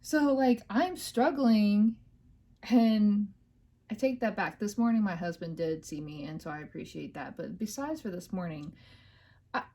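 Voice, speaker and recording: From her home office, a woman hosts her own podcast, chatting casually and venting in a rambling way full of fillers. Her mid-range voice is unhurried and mellow.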